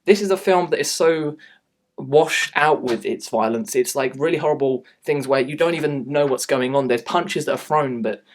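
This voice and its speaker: A man rants through a casual online film review at a mid-range pitch. He sounds blunt and exasperated as he complains and piles on criticism. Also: moderate pace.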